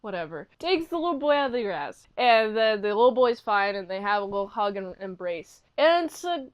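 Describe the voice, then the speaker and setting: A woman giving a casual recap and review of a TV episode, chatty and animated, often slipping into quick impressions of the characters. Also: medium pitch, clear, resonant tone, dull audio. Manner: animated retelling, acting out characters' lines; chatty, peppered with "like".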